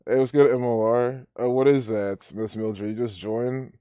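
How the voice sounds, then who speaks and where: A man holds forth on his live stream in a loose, rambling rant, circling back on himself and restarting sentences. His voice sits at an ordinary male pitch, and the sound is dry and close with no room echo. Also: steady tone, normal speed, mellow, clear, resonant tone. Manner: rambling, ranting, many restarts. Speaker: livestream host. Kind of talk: casual live-stream commentary.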